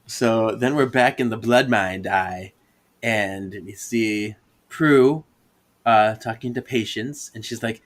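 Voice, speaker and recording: A man's voice: mid-range voice, slow. A man co-hosting a podcast, recapping comic pages and acting out characters with mock drama. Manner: dramatic, mock-emotional when voicing characters. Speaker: podcast co-host. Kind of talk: casual chat, recapping a comic.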